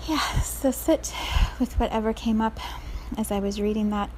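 A woman speaking as a spiritual coach, reflecting softly after reading a story and slipping into whispers at times. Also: on the high side, normal speed, a little hiss or hum. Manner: soft, gentle, slips into whispers.

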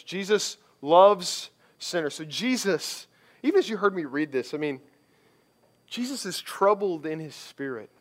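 A male pastor preaching a conversational sermon, slipping into the voices of people he quotes. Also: fairly high pitch.

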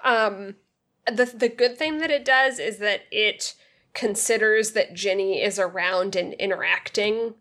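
A woman co-hosts a podcast and talks frankly through a book in casual chat. She sounds amused and laughs easily. Her voice sits at a middle pitch. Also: a little slow, a bit bright. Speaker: podcast co-host.

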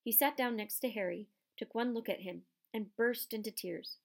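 A woman's voice: fairly high pitch, normal speed, gravelly. Woman reading a story aloud. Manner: lively, voices characters. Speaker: audiobook narrator. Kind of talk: scripted narration.

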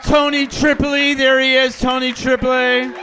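A man's voice: very high-pitched, monotone, normal speed, bright, forceful tone. A male host introducing judges and hyping up the crowd at a live comedy show. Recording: noisy live room with crowd.

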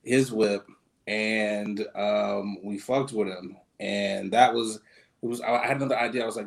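A man co-hosting a podcast, telling a story in casual chat, laid-back with many pauses and fillers. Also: lowish voice, gravelly. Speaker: podcast co-host.

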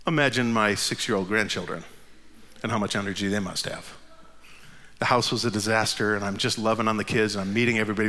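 A man in his fifties telling a funny personal story, his voice leaping up at the punchlines and sinking low and quiet for the tired asides. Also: fast, in a large hall. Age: 50s. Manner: animated, jumps high in pitch at the funny parts.

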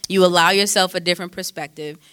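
A woman with a bright, forceful voice and a somewhat low pitch talks through faith-based advice as a counselor. She is conversational, quotes scripture and leans on fillers. The sound is dry and close. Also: steady tone, fast talker, clear, resonant tone, no room sound.

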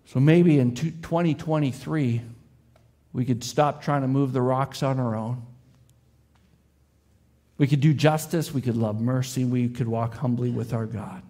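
A man's voice: mid-range voice, fairly even intonation, unhurried, long pauses. A man preaching as pastor, telling an illustrative story with the boy's and father's voices, then leading a closing prayer. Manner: voices the boy and father in his story, softening to a hushed prayer.

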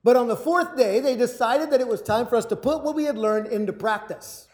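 Delivering motivation to a live crowd, this man relates a personal story energetically, often repeating himself and acting out lines he shouts. His voice sits high.

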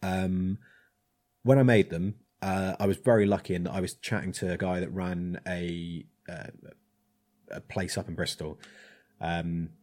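A man with a fairly low voice chats casually about his craft as a blacksmith. He rambles, trails off and restarts with plenty of ums, in a relaxed conversational way. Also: a little slow. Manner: rambling, hesitant with many ums. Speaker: blacksmith, guest. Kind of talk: casual chat.

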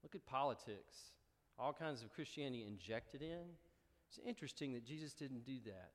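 A male pastor delivering a sermon, telling stories with rising, animated emphasis. His voice sits in a middle range. It carries a long reverb, as if spoken from the front of a large hall. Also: mid-range voice, moderate pace.

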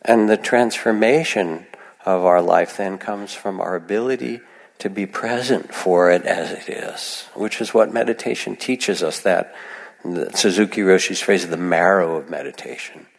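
Male meditation teacher, gentle and reflective; very low gravelly voice, long hall reverb. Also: normal speed. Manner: gentle, reflective, with soft acted asides. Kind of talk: dharma talk.

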